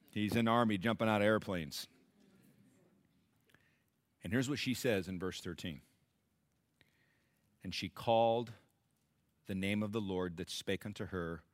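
A middle-aged man preaching a sermon to his church, rising to loud emphatic peaks and dropping to hushed, intimate asides. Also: lowish voice, dry recording. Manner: acts out biblical characters in quick voices. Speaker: pastor.

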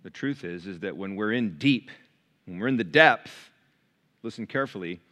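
A man preaching a sermon to his church, shifting from quiet, close asides to loud, raised passages. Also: on the low side, expressive, normal speed. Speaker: pastor. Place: church sanctuary.

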